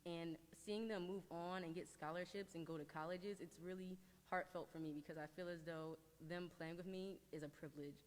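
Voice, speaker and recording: Earnest teenage girl, low voice, echoey hall. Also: fairly even intonation, a little mellow. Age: teens. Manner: earnest, halting, emotional. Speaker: high school lacrosse player. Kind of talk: press conference statement. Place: press conference room. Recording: long reverb in a large room.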